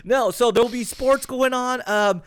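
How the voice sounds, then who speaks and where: A man co-hosting a podcast, telling animated stories full of swearing and quick restarts. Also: very high voice, a little hiss or hum. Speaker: podcast co-host. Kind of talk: casual chat.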